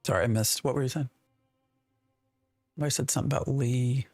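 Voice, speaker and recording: A man's voice: medium pitch, fairly even intonation, quick pace, a little mellow, dry recording, clean studio sound, soft background music. Exasperated male game streamer. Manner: exasperated, rambling, talks to chat. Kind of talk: live gameplay commentary.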